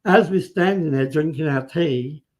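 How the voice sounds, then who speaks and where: This live-stream guest has a fairly high male voice and talks at a moderate pace. His storytelling is casual and vivid, full of acted-out quotes from others, and he often starts his sentences over.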